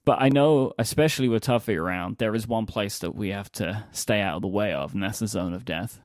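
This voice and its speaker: A man's voice: on the low side, fairly quick, no room sound, studio quality. A man co-hosting a comedy podcast, reading facts with playful, goofy asides. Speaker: podcast co-host. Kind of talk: scripted comedy podcast banter.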